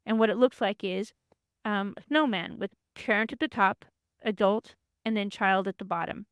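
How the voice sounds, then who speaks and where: A woman's voice: medium pitch, moderate pace, clear, resonant tone, no echo, studio quality. A woman presenting a workshop lesson, explaining ideas in a conversational lecture and sometimes acting out quoted voices. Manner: acts out quoted voices, frequent restarts.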